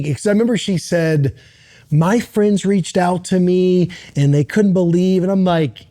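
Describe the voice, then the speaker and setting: A middle-aged man telling a personal story as a podcast guest, earnest and halting, with many restarts. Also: fairly high pitch, warm tone. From United States.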